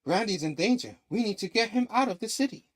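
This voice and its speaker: A man's voice: sits high, expressive, quick pace, pitched above the performer's own voice. A man reading out Spider-Man's lines as an indignant young superhero, loosely voiced in a comic review.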